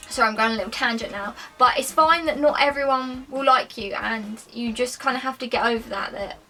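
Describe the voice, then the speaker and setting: A woman's voice: a little high, fairly quick, pushed and bright, far from the mic, soft background music, rough recording. A woman in her twenties chatting casually to camera as a lifestyle vlogger, rambling with lots of "like" and "um". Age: 20s.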